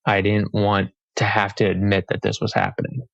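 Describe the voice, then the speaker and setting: A man's voice: lowish voice, little pitch movement, moderate pace, vocal fry, dry recording, highs cut off. A young man, a guest author in a podcast interview, speaking hesitantly with many restarts. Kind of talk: casual interview chat.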